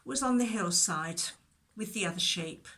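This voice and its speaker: A woman telling a Bible story to children, expressive, with whispered asides. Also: medium pitch, moderate pace.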